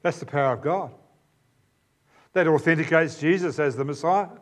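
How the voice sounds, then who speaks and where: Man, pastor, sermon, emphatic, repeats key phrases, somewhat high pitch. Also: moderate pace.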